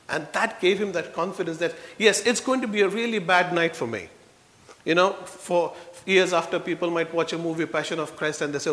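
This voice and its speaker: A man preaches a sermon in a church. His voice is high and bright, and the room gives a long reverb. He is earnest and swings from hushed passages to forceful peaks. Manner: earnest, swings from soft low passages to loud emphatic ones.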